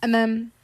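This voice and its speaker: A woman's voice: on the high side, a bit bright, breathy edge. A young woman hosting a podcast, telling stories in a rambling, dramatic way and laughing often. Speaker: podcast host. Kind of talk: casual podcast monologue.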